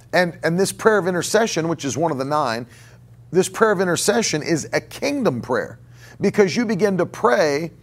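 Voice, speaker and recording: A man delivering a sermon as a pastor, with a voice pitched a little above the usual for men. He preaches conversationally, circling back and repeating phrases as he goes. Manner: conversational preaching with repetitions and restarts. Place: church.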